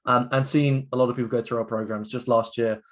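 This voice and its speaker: Man, mid-pitched, upbeat and chatty, lots of fillers, video call. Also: flat delivery, fast. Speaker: guest speaker, education co-founder. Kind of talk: interactive online talk.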